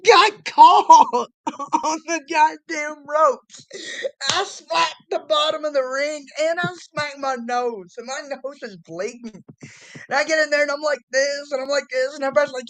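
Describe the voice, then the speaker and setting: Woman, high-pitched voice, interview host, casual and profane, loud laughing storyteller, acts out other people's lines. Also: fairly even intonation, unhurried, poor audio.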